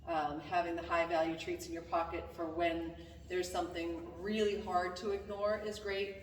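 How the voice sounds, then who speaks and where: A woman dog trainer giving a calm, casual lesson, softly praising her dog between explanations. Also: fairly low pitch, normal speed. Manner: calm, soft-spoken, praises the dog often. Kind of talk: casual instructional talk. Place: indoors at home with a dog. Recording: distant mic in an echoey room with long reverb and noise.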